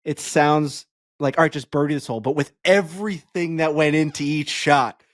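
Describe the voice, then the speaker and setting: A man co-hosting a golf podcast, excitable and jokey, swearing as he talks. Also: a little high, moderate pace, dry recording, studio quality. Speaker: podcast co-host. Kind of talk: casual sports chat.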